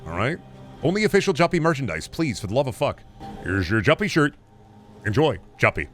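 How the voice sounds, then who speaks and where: Goofy streamer guy talking fast, voice bouncing all over, swears a lot, faint music behind. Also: sing-song. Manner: rambling, goofy, swings to loud high bits; swears freely. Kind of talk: casual gameplay commentary.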